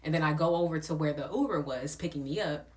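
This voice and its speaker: A woman's voice: deep voice, fast, a little mellow. A young woman telling a rambling, profane storytime in a casual, blunt way. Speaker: content creator.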